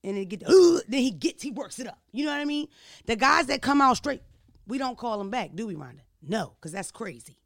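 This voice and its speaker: A woman hosting a casual chat, telling stories in an animated, laughing and profane way. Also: fairly high pitch, fairly quick, creaky, no echo, clean studio sound. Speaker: podcast host.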